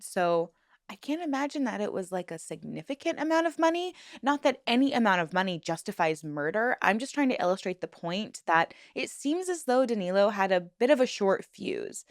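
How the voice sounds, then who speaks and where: A woman's voice: mid-range voice, no room sound. Woman doing true crime narration, chatty, gives her opinions as she goes, dry close mic.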